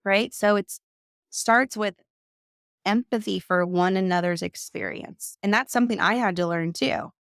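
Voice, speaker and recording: A woman coach and mother giving conversational advice, emphatic and quick to act out the voices she quotes. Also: mid-range voice, fairly bright tone, clean tone, no echo, clean studio sound.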